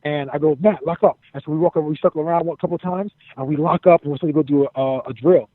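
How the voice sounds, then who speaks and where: A former wrestler, a man, telling profane, animated stories as an interview guest and repeating his phrases as he goes. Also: a little high, very fast, no echo. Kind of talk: casual storytelling. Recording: dry, phone-like narrow sound.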